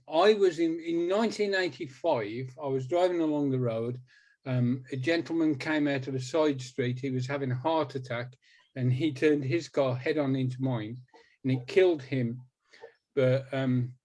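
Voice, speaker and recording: A man's voice: medium pitch, a little slow, darkish tone. A man in his sixties, a hypnotist guest in a conversational interview, talking emphatically and repeating words for stress.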